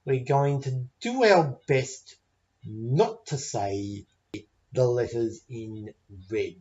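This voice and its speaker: Slow, patient Australian man teaching. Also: medium pitch, expressive, a little mellow, highs cut off. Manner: clear, patient, demonstrates sounds aloud. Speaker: English pronunciation teacher. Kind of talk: slow, deliberate teaching lesson.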